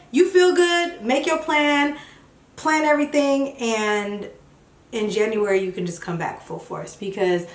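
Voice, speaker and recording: Young woman chatting while doing her makeup, candid and expressive, roomy echo. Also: mid-range voice. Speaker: beauty vlogger. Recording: echoey room.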